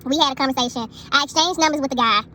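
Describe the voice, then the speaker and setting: A young woman vlogger telling a personal story in an animated, emphatic way, often turning to address her viewers. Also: high-pitched, rapid-fire, a little hiss or hum. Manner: animated, emphatic retelling with lots of asides to viewers. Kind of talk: casual storytelling vlog.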